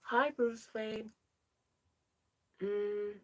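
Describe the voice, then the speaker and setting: A woman's voice: on the high side, steady tone, extremely slow, darkish tone. A young trans woman hosting a casual livestream, chatting as she reads out viewer names and answers their comments. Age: young adult. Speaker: livestream host.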